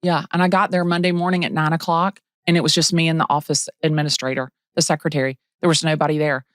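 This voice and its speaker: A middle-aged woman from the Atlanta area, a real estate agent telling her story in a casual interview, bubbly and animated, acting out quotes. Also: sits low, fast, no room sound, studio quality.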